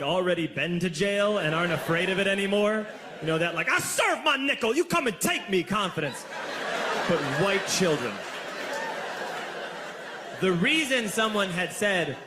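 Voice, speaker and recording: A young man telling a stand-up story with punchy comic timing and sudden shouted bursts, on a club stage. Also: sits high. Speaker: stand-up comedian. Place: club stage before a laughing audience. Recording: echoey room with audience noise.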